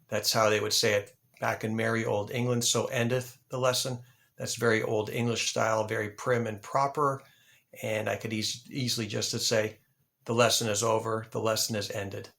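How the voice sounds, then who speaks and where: A man hosting an English lesson, slowly repeating example phrases and spelling words out. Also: on the low side, level tone, vocal fry, a bit bright. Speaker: ESL teacher and channel host. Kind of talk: slow, deliberate English lesson.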